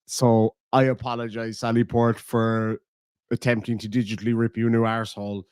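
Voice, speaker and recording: A man's voice: mid-range voice, little pitch movement, fairly quick, a little mellow, clean tone, no room sound. An Irish man hosts a livestream in a loose, rambling way, swearing freely and reading out viewer donations as he goes. His voice sits in an ordinary middle register. The sound is dry and close, with no room around it. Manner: profane, rambling, reads out donations. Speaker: livestream host. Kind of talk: casual livestream chat.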